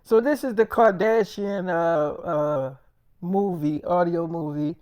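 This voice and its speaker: A man's voice: high-pitched, takes it slowly, darkish tone, clean tone, dry recording. Rambling man freestyling a story, dry sound. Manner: rambling, slangy, stumbles over words.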